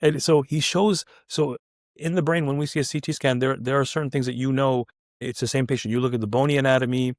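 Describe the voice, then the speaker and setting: A man's voice: medium pitch, steady tone, quick pace, no room sound, studio quality. A man, a surgeon, telling a story casually and acting out the dialogue with quoted voices, often restarting his sentences. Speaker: neurointerventional surgeon, podcast guest.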